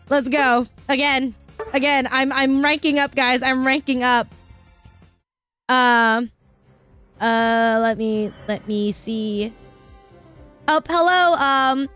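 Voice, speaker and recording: A young adult woman chatting casually with her viewers while she plays a game, excitable and quick to laugh, cursing when things go wrong. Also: high voice. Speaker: streamer. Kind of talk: casual live-stream chat while gaming.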